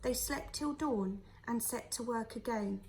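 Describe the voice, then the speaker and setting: A woman's voice: on the high side, measured pace, a little hiss or hum, poor audio. Woman reading a children's novel aloud. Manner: steady, clear storytelling. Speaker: teacher reading to a class.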